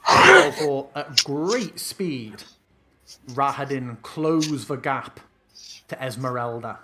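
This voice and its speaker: A man's voice: mid-range voice, sing-song, slow, bright, forceful tone, slight background noise. A man narrating as game master of an online tabletop game, describing the action loosely with fillers.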